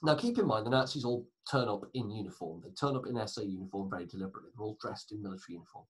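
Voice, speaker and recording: A man's voice: fairly low pitch, lively intonation, rapid-fire, slightly rough, low-quality recording. A man teaching a recorded history lesson, chatty, with asides and self-corrections.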